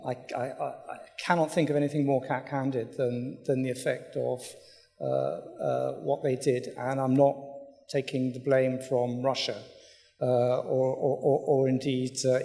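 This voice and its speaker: Halting man in an echoing hall. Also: mid-range voice, creaky, darkish tone. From Britain. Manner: thoughtful, halting, many fillers and restarts. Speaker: conference speaker, newspaper editor. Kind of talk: conference talk. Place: hotel conference hall. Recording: reverberant conference hall.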